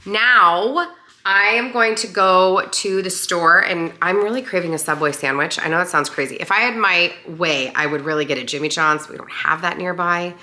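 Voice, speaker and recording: A young woman with a hoarse, deep and raspy voice, chatting casually and upbeat in a lifestyle vlog. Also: moderate pace, pushed and bright. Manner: chatty, upbeat, many fillers. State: hoarse, voice partly lost. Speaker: lifestyle vlogger.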